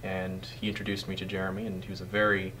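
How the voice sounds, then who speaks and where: A man's voice: low-pitched, monotone, fast talker, pushed and bright. This is a young man who talks in a dry, joking way. He is recorded from some distance, with faint background hiss. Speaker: wedding guest. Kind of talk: casual interview. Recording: distant mic with faint noise.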